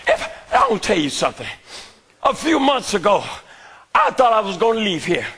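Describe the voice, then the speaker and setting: A man preaching a sermon who shouts often and calls out to the congregation for response. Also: high-pitched, huge pitch swings, moderate pace.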